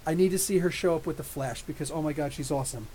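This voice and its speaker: A man hosting a casual live-stream movie review, excitable and rambling, with many restarts and fillers, answering chat comments as he goes. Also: on the high side, quick pace, a little hiss or hum. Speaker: YouTube comics channel host.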